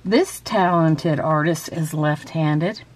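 Woman craft vlogger, chatty and halting, reading out a quiz. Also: low voice. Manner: chatty, with frequent fillers and restarts; reads quiz questions aloud. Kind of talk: casual show-and-tell and quiz.

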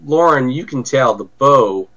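A man running an online tabletop game as game master, talking haltingly and often saying okay. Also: medium pitch, lively intonation, a bit bright, muffled recording.

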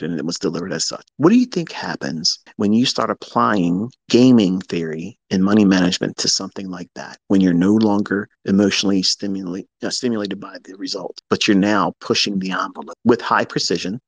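A man's voice: deep voice, a little fast, vocal fry, few pauses, dry recording. Man, trading educator, blunt, profane, lecturing, outbursts, dry close sound. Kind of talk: live audio room talk.

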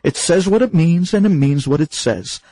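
A man's voice: fairly high pitch, expressive, moderate pace, dark tone, no echo. A man voicing a stubborn, wealthy miser who haggles insistently and repeats himself. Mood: coaxing.

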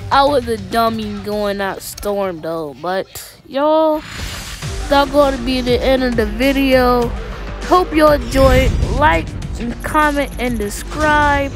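A woman hosting a gaming channel, giving excited gameplay commentary with dramatic yelps and pleas for help. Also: sits high, takes it slowly, music in the background.

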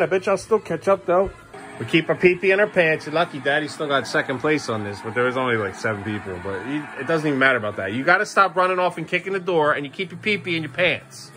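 Indoors at the family home, a father with a high, slightly bright voice talks casually to his kids in a vlog. He scolds them firmly and repetitively.

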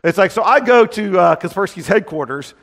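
Gravelly man rambling through a conference talk. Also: high voice, expressive, fairly quick, fairly bright tone. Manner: rambling, constant filler phrases, joking. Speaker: conference speaker. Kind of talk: casual storytelling talk. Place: conference hall stage. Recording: long reverb of a conference hall.

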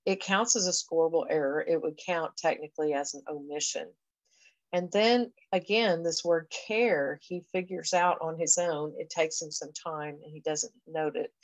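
A woman education professor gives a conversational recorded lecture, walking step by step through a reading assessment with frequent fillers. Her voice is low and her pace normal. The audio is poor, though there's no room sound.

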